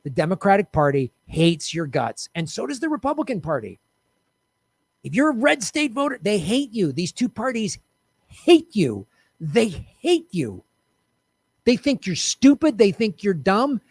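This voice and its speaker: A man's voice: high voice, very animated, unhurried, slightly rough, no room sound. A man hosting a heated political commentary show, talking bluntly and profanely, repeating his points for emphasis. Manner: fiery, blunt, profane, repetitive. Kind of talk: heated political rant to camera.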